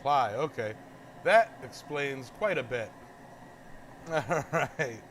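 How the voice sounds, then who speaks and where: A man's voice: medium pitch, expressive, slow, fairly bright tone, slight background noise. A blacksmith streaming live, chatting casually as he works, rambling and easygoing with frequent chuckles. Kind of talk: casual live-stream chat while working. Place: metal forge workshop.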